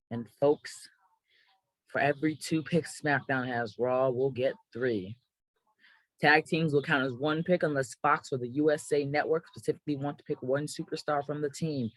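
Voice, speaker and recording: A man's voice: fairly high pitch, dry recording, poor audio. Hyped man announcing a mock draft. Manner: hyped announcer delivery with self-corrections. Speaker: gaming channel host.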